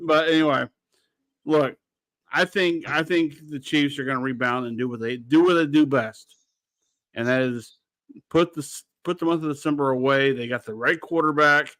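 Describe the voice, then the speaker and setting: Blunt, rambling sports radio host. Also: male voice, fairly high pitch, moderate pace, a bit bright, no echo. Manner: blunt, rambling, swears freely. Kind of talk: casual sports talk.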